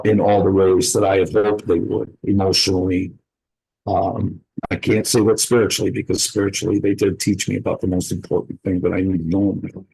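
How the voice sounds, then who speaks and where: Gravelly, husky man sharing earnestly. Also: low-pitched, a little mellow, rough recording. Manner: earnest, reflective, pausing to gather his words. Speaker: participant sharing a personal story. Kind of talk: heartfelt personal sharing in a group conversation.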